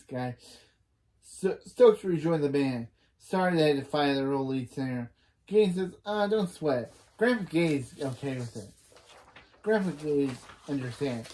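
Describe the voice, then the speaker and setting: A reaction reviewer with a warm, medium-pitched voice loosely recaps a TV episode scene by scene. Retelling it line by line, they frequently backtrack to correct themselves and toss in personal opinions.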